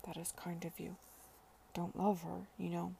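A woman voicing a troubled, regretful young gentleman in a hushed, heavy manner while reading a novel aloud. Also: on the low side, level tone, unhurried, creaky, slight background noise.

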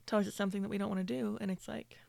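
A woman co-hosting a casual faith podcast, talking in an animated way and laughing easily. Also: medium pitch, rapid-fire, creaky, dry recording. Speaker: podcast co-host.

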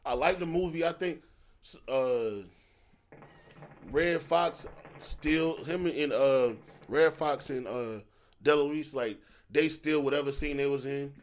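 A young man co-hosting a podcast, talking in animated, slangy banter and laughing often. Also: fairly high pitch, takes it slowly. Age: young adult. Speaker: podcast co-host. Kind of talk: casual chat.

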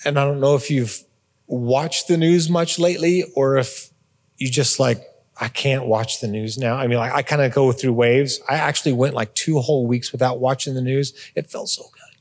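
A man's voice: mid-range voice, steady tone, normal speed, in a large hall. A man giving a conversational sermon as a pastor, repeating words and adding informal asides. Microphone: phone or portable device.

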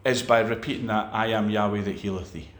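A man's voice: lowish voice, fairly even intonation, brisk, roomy sound. A man preaching a sermon, emphatic, with repeated phrases and restarts.

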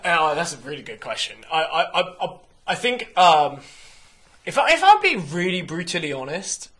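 Podcast guest, young man, bright high voice, swears freely, lots of restarts. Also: normal speed. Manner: frank, profane, animated storytelling with repeated restarts. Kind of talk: candid casual chat.

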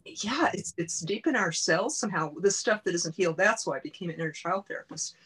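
A woman's voice: lowish voice, lively intonation, a little fast, fairly bright tone, slightly rough. A woman coach and podcast guest, telling a personal story in an earnest, heartfelt way. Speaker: guest, body-mind coach.

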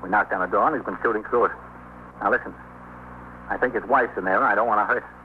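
An actor playing a police sergeant who calmly gives orders and coaxes an armed man to open the door, in 1950s radio drama style. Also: fairly low pitch, fast talker, natural voice. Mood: commanding. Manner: calm, firm, coaxing. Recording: tinny old radio broadcast with faint hiss.

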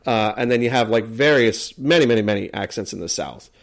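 A man's voice: fairly low pitch, lively intonation, brisk, vocal fry. A man from the United States chatting casually as a podcast co-host, rambling with many fillers and restarts. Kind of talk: casual chat.

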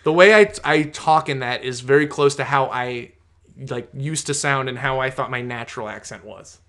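A man's voice: mid-range voice, moderate pace, fairly bright tone. A man co-hosting a podcast, chatting casually in a rambling way that doubles back on itself, with some swearing. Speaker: podcast co-host. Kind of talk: casual chat.

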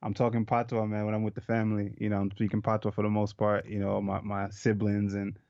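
A man's voice: on the low side, monotone, quick pace, a little mellow, dry recording, highs cut off. A man from Jamaica who is a professional fighter, talking in a loose, casual way and swearing freely. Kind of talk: casual interview chat.

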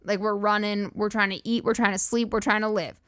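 A woman's voice: medium pitch, flat delivery, a little fast, a bit bright, clean tone, dry recording, studio quality, close to an everyday voice. A woman voicing a harried wild animal that has no time for nonsense, in a blunt, matter-of-fact way. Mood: exasperated.

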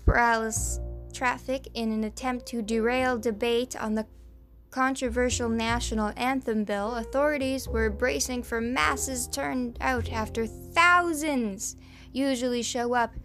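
A woman's voice: fairly high pitch, fairly even intonation, measured pace, fairly bright tone, faint music behind. A woman with a Southern American accent reads news stories, stumbling over names and adding sarcastic asides. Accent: American Southern, slipping in. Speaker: podcast host reading news. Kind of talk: casual news commentary.

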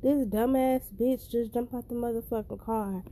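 A woman's voice: fairly high pitch, steady tone, normal speed, mellow, a little hiss or hum, lightly acted. Crude menacing man, as a woman quotes him. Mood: harsh. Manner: harsh, profane orders. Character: crude, menacing adult male abuser.

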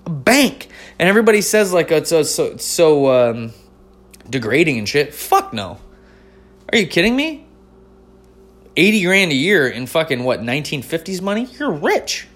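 A man's voice: fairly high pitch, sing-song, normal speed, a bit bright. A man in his forties hosts a podcast, telling stories in a casual, profane, slangy way and calling listeners "dude". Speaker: podcast host. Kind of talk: casual storytelling chat.

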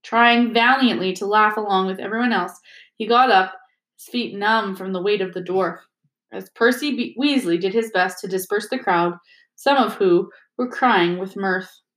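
A woman teacher reads a chapter book aloud in a steady, expressive classroom voice. Her pitch sits at a middle level. The voice rings in an echoey room. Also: normal speed. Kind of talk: storybook read-aloud.

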